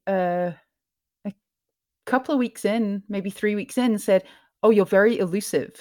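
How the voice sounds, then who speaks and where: A woman who hosts and narrates a podcast, answering interview questions in a soft, hesitant way with many fillers. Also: medium pitch. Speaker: podcast host and narrator, guest.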